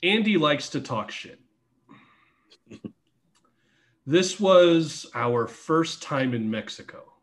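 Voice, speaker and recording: A man guesting on a podcast, telling a story in a casual, animated way, with lots of swearing and acted-out quotes. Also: a little high, slow pace, long pauses. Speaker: podcast guest, former wrestler.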